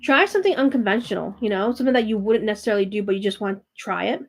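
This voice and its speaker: A woman giving a live tarot reading, speaking gently and reassuringly to a viewer, with frequent fillers and restarts. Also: mid-range voice, very fast. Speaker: tarot reader and spiritual coach hosting a live reading. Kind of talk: live-stream chat with viewers.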